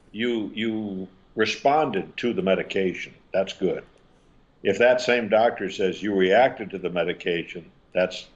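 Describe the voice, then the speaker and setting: Older man, parenting-author guest, lowish voice, animated storyteller; dull lo-fi recording. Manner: animated storytelling, acting out quotes. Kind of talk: interview answers.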